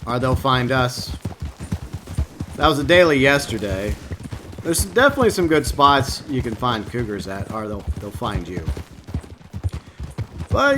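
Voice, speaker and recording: A man's voice: medium pitch, noisy background. A man live-streaming a game, rambling casually and answering his viewers by name. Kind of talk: casual gameplay stream commentary.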